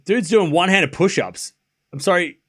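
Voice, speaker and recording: A man's voice: high voice, normal speed, fairly bright tone. A man commentating a tennis match live on stream, chatty and incredulous, laughing often and talking to his chat.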